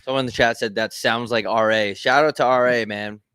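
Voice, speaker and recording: A man's voice: mid-range voice, steady tone, fairly bright tone, clean tone, no echo. Joking mid-voiced comedy podcast man. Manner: quick, joking, eggs on the riffs. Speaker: podcast co-host. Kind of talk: crude comedic banter.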